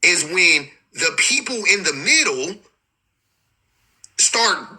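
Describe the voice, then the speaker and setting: A man talks loosely and with exasperation on his own livestream, and his sentences keep stalling and starting over. His voice sits high with a sharp brightness and a husky edge. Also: animated, brisk, poor audio. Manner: rambling, profane, exasperated, many restarts. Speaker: livestream host. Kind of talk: casual livestream commentary.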